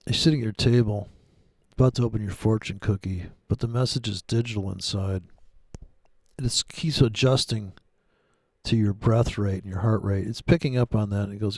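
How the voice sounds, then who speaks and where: A man's voice: fairly low pitch, moderate pace, long pauses, darkish tone, no room sound. A man giving rambling, sarcastic, profane commentary while trading live. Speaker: day trader streaming live.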